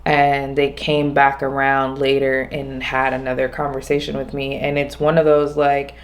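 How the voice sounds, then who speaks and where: Woman, low voice, casual reflective vlog, rambling with restarts, slows down to stress points. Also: completely flat delivery. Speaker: vlogger.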